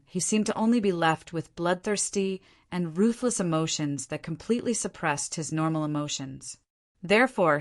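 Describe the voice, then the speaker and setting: Woman narrating an audiobook, low voice. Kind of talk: scripted narration.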